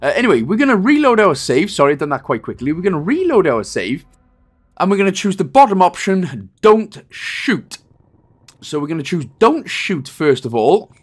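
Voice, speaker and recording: A man's voice: high-pitched, big pitch swings, normal speed, breathy edge. A man hosting a game walkthrough, talking playfully and joking with made-up wordplay. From Wales. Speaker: gaming guide host.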